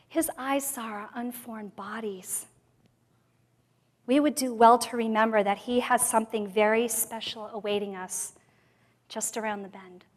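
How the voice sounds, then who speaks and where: A woman giving a sermon at a church women's conference, sharing her own story and moving from quiet to loud, emphatic passages. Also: a little high. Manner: expressive, swings from soft to loud. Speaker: conference speaker. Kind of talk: sermon with personal testimony. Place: church sanctuary. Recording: long hall reverb.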